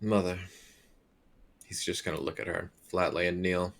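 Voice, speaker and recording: A man playing a dwarf cleric in a tabletop game, speaking flatly and heavily in and out of character. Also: low-pitched. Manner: slow, flat, gravelly delivery. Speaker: player.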